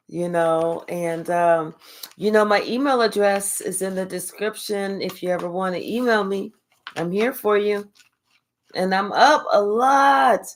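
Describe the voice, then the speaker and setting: An older woman hosts a casual live spiritual reading. She speaks slowly and warmly to her viewers and thanks them one by one. Her pace is leisurely and her pitch is mid-range. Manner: slow, relaxed, affectionate, thanks viewers by name. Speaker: spiritual reader hosting a live stream. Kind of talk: casual live-stream chat.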